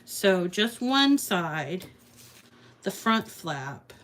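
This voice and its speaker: A middle-aged woman leads a relaxed crafting lesson at an unhurried pace. She chats and rambles as she works, now and then teasing herself about her clutter. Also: fairly low pitch. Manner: chatty, rambling, self-deprecating. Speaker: craft channel host. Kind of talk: casual crafting tutorial with live chat.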